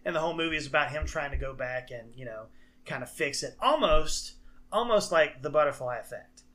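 Man, podcast co-host, bright tone, slightly high voice, rambling casual chat. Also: expressive, fairly quick. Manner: rambling, lots of fillers and restarts.

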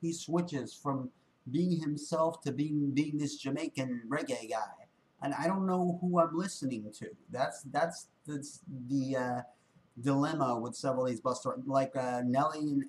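A man's voice: mid-range voice, normal speed, slight background noise, poor audio. A man casually reacting to a music video, laid-back and wry, often repeating words as he thinks aloud.

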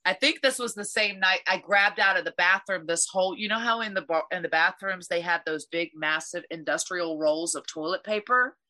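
A woman in casual chat, telling a fight story in an animated, profane way. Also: fairly low pitch, normal speed, few pauses.

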